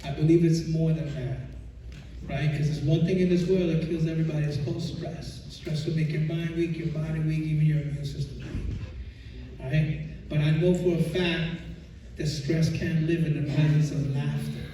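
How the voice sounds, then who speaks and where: Young male stand-up comic, slightly high voice, distant mic in a big echoing hall with a laughing crowd. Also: fairly even intonation, moderate pace, a little hiss or hum. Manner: storytelling, playful punchlines. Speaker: stand-up comedian. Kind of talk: stand-up set. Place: auditorium stage. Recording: roomy hall from far off, loud crowd.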